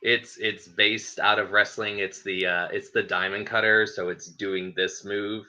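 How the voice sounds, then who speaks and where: Bright-voiced rambling male host. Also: on the low side, level tone, unhurried. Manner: rambling, laughs often while talking. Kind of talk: casual chat. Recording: muffled lo-fi audio.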